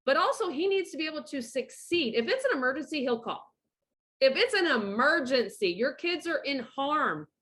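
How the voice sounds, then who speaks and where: A woman's voice: high voice, fairly bright tone. A middle-aged woman working as a divorce coach talks straight to camera in a blunt, bossy monologue full of swearing. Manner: blunt, profane and emphatic; bossy, gives direct orders. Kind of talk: casual profane monologue to camera.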